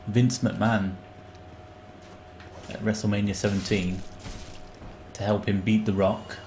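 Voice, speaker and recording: A man's voice: fairly low pitch, little pitch movement, slow, a little mellow, slight background noise. A man giving casual, rambling commentary while playing a game and reading its text aloud. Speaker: streamer.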